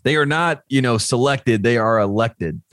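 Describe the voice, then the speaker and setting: A man co-hosting a relaxed sports talk show, telling stories with animated energy and frequent laughter. His voice sits at a middle pitch and is recorded dry and close, with no room sound. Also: moderate pace, dry recording. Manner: animated storyteller, laughs often. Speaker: podcast co-host. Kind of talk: casual sports chat.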